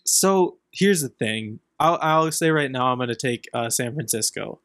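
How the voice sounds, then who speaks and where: Relaxed young man, dry sound. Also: mid-range voice, moderate pace, dry recording. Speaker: podcast co-host. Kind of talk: casual sports chat.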